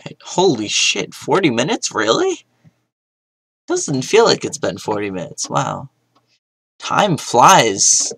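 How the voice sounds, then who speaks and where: Young man, gaming commentary, slow talker, dry recording, mumbly with sudden yells. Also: mid-range voice, huge pitch swings, creaky, husky, no echo, low-quality recording. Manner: mumbling to himself, sudden loud outbursts. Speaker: gaming YouTuber. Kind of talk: casual gameplay commentary.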